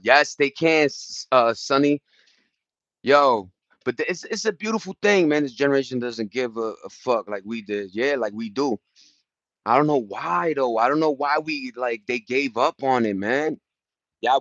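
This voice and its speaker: A man chatting loosely on a livestream, using street slang and shouting out viewers by name. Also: mid-range voice, dry recording, lo-fi sound. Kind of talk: casual rambling livestream chat. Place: at home in the countryside, partly outdoors.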